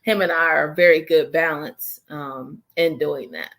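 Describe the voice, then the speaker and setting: A woman's voice: low voice, fairly even intonation, normal speed, vocal fry, fairly bright tone. A woman talking candidly and reflectively as a guest in a casual conversation, with frequent fillers, over a video call.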